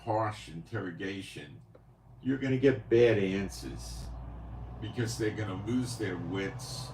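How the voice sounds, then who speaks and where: A man's voice: sits low, reverberant, slight background noise. A man hosting his own channel, giving casual spoken commentary in a rambling, conversational way with many asides and rhetorical questions. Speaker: channel host. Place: home studio in Israel.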